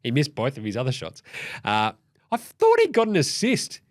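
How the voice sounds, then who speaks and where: A man's voice: mid-range voice, wildly swooping pitch, moderate pace. A man with an Australian accent hosting a basketball recap show, swearing freely and acting out what the players might have said. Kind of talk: casual profane game recap.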